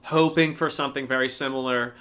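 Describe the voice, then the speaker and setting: A man co-hosting a casual livestream, telling a story in an animated way and swearing freely. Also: mid-range voice, fairly quick. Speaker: co-host.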